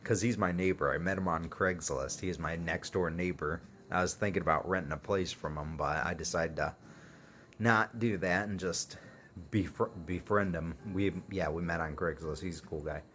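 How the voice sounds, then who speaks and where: Deep-voiced man rambling through a story. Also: slight background noise. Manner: rambling, heavy on fillers and swearing. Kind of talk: casual storytelling to camera.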